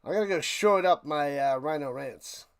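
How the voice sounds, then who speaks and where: A man with a high voice and a gravelly, fry-laden edge hosts a live watch party stream. He calls plays and rants sarcastically to his chat. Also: normal speed. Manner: ranting, sarcastic, talks to chat. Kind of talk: live play-by-play and casual rant.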